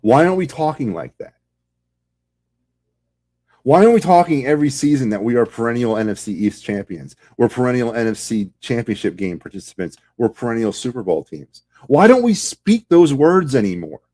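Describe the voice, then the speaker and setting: A man's voice: medium pitch, big pitch swings, normal speed, mellow. Fired-up ranting sports podcast man. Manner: fired-up, sarcastic, rhetorical questions. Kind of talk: fan rant.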